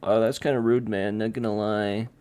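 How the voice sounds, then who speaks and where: A man's voice: lowish voice, level tone, normal speed, dark tone, clear, resonant tone. A man chatting casually and rambling with jokes while drawing on a stream, thinking aloud.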